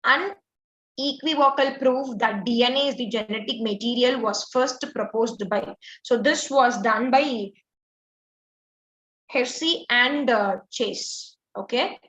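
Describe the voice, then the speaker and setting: At a slow pace, a teacher whose voice is a little high and fairly bright explains exam answers step by step, packing her speech with "like" and "uh." It was captured in echoey, dull lo-fi audio.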